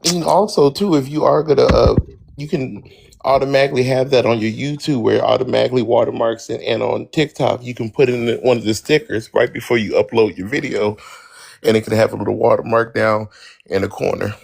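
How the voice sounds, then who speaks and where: A man's voice: mid-range voice, steady tone, fairly quick, vocal fry, a little mellow. A man joining a casual livestream chat, rambling and leaning on fillers and repeated phrases. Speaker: livestream guest.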